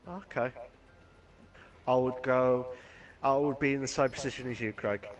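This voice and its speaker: A man's voice: mid-range voice, steady tone, moderate pace. A man commentating a sim racing live stream, rambling and enthusiastic with frequent restarts.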